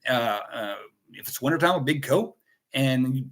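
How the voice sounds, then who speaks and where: A man's voice: mid-range voice, lively intonation, moderate pace, fairly bright tone. An American man hosting a casual livestream chat, rambling and joking as he greets viewers by name. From United States. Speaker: host.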